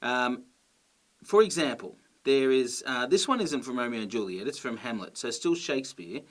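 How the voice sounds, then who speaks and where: A man teaching a grammar lesson, explaining clearly and patiently and checking in with his listeners. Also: medium pitch, lively intonation, normal speed.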